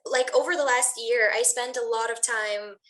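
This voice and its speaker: Higher-voiced woman hosting, chatty. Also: steady tone, normal speed, a bit bright, low-quality recording. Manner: chatty, hesitant, lots of likes. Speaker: host. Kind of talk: casual interview chat.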